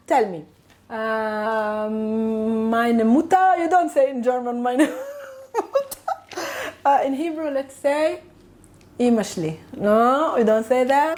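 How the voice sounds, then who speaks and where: A woman with a Palestinian Arabic accent teaches a relaxed online language lesson. Her voice sits a little high, and she is animated, laughing often and acting out lively exclamations as she explains.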